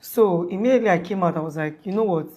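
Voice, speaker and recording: A woman's voice: on the low side, fast talker, warm tone. A young woman telling, as a witness, the story of a frightening night, rambling and restarting, and acting out what others said. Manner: acts out quoted voices, rambling with many restarts. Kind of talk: emotional storytelling in an interview.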